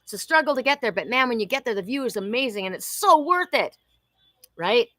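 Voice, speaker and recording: A woman's voice: a little high, animated, a little fast, bright, forceful tone, dry recording. A woman in her sixties hosting a live oracle reading, chatting effusively and talking to viewers by name. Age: 60s. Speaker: host.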